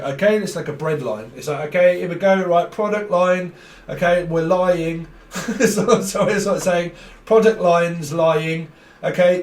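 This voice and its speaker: A man giving a rambling tarot reading, talking fast, jumping between ideas and laughing often. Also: on the high side. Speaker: tarot reader. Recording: roomy sound from a distant mic.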